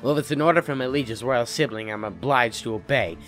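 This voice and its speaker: A man voicing a sly, creepy male retainer with a low, menacing drawl. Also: expressive, a little fast, fairly bright tone, faint music behind, natural voice.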